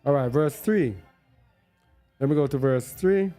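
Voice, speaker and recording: Man, bible teacher, slow delivery, thinks aloud, repeats words for emphasis, faint music behind. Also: on the high side, warm tone. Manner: thinks aloud while searching on screen; stresses words by repeating them. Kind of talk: unscripted scripture teaching.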